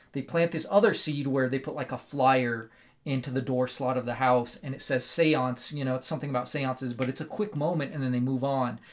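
A man with a somewhat high voice talks through a film plot on a casual podcast. He rambles in an animated way and keeps asking "right?" as he goes. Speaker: podcast co-host.

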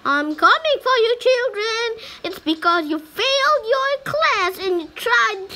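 Woman playing a threatening game teacher, high bright voice, scolding theatrically. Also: expressive, unhurried, exaggerated voice. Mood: menacing. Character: menacing female school teacher hunting children.

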